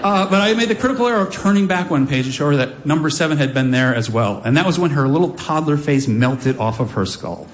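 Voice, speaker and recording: A man's voice: medium pitch, slight background noise. A man in his forties telling a wry, self-deprecating story on stage to a live audience. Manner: wry, self-deprecating, animated delivery with playful voices.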